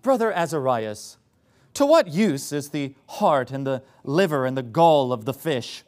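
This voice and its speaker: A man's voice: mid-range voice, very animated, unhurried, a little mellow, voice pushed down. A preacher voicing a pompous, pseudo-intellectual male reader in a mock British accent, reading old scripture with mock solemnity.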